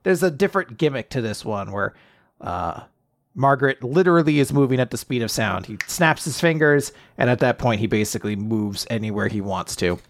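A man co-hosting a casual chat, recapping a comic chapter and acting out the characters in quick voices. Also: mid-range voice, no echo, clean studio sound. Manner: animated retelling, acts out characters in quick voices. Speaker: podcast co-host.

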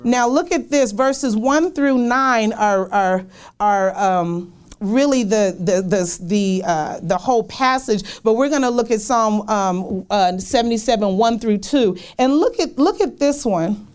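A woman's voice: a little high, a little slow, darkish tone, clean tone. A woman pastor preaching a sermon in church, repeating her phrases and putting questions to the congregation.

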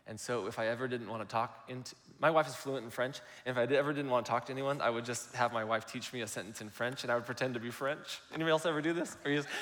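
A man's voice: mid-range voice, fairly bright tone, long reverb tail. A male pastor giving a conversational, explanatory sermon.

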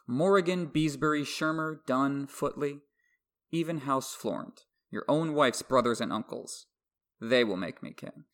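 A man's voice: medium pitch, bright, forceful tone. A podcast host voicing a smug, mocking young nobleman in a dramatic novel reading, airy and boastful.

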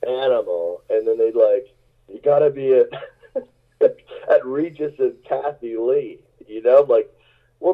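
A male musician telling rambling, self-mocking stories in a casual interview, laughing often, over a tinny phone-like line. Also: medium pitch. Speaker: musician guest.

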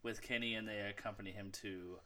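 A man's voice: lowish voice, steady tone, fast, pushed and bright. A man co-hosting a podcast in casual chat, easygoing, chuckling now and then. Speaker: podcast co-host.

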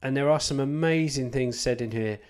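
A man's voice: mid-range voice, moderate pace, darkish tone. A man, a Christian author, giving an informal talk about church life, rambling and candid with self-deprecating asides and emphatic repetition.

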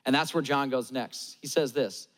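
A man's voice: medium pitch, normal speed, long reverb tail. A male pastor preaching a sermon in a conversational, emphatic style, with lots of repetition.

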